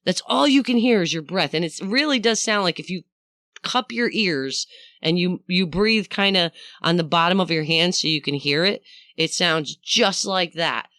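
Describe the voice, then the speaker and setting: A woman hosting a podcast, telling a story in a casual, animated way, swearing freely and talking straight to the listener. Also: on the low side, moderate pace, no room sound, studio quality. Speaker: podcast host.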